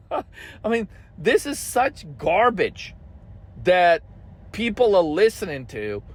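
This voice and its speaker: A man with a high-pitched voice hosts a trading vlog. He rants heatedly and swears constantly as he comments on the markets. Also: huge pitch swings, takes it slowly. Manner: profane, heated ranting. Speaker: trading channel host.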